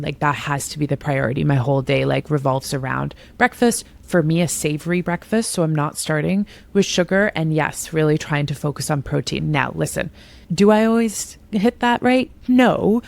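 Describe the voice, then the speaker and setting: A woman's voice: low-pitched, vocal fry. A woman in her thirties hosting a podcast interview, talking in an enthusiastic, chatty and self-deprecating way. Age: 30s. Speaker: podcast host. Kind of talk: conversational interview.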